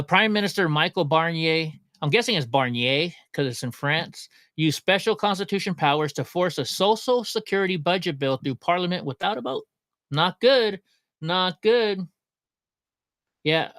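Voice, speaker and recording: A man's voice: a little high, a bit bright, dry recording, clean studio sound. A middle-aged man from Alaska hosting a casual livestream, rambling and joking as he reads chat comments aloud. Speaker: livestream host.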